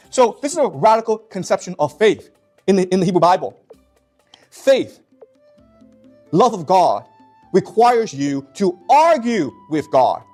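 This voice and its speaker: A man's voice: high-pitched, darkish tone. A man teaching a class in an emphatic way, often stopping to check that his students follow. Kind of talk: classroom lecture.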